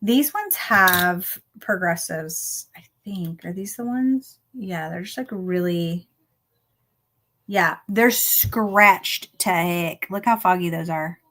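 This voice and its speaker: A woman's voice: fairly low pitch, lively intonation, unhurried, few pauses, fairly bright tone. Chatty woman livestreaming. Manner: chatty, laughs often, talks to viewers as y'all. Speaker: livestream host reading chat. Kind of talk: casual chat on a reading livestream.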